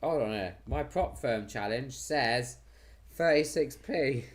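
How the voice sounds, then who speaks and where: A man's voice: medium pitch, lively intonation, takes it slowly. A man hosting a casual live stream, chatty and cheerful, losing his voice. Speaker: host.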